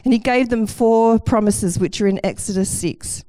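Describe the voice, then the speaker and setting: A woman's voice: a little high, normal speed, warm tone. Enthusiastic woman preaching a sermon. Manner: enthusiastic, lightly self-deprecating.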